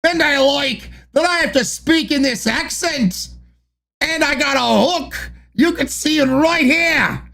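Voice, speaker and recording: A man putting on a hammy pirate voice with a hook, growling yars and shouting names. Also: very high-pitched, slow pace, vocal fry, pitched above the performer's own voice, heavily acted. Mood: boisterous.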